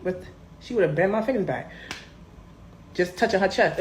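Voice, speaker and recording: Animated sassy woman telling a story. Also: mid-range voice, normal speed, a little hiss or hum. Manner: animated, sassy, emphatic swings. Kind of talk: casual storytime.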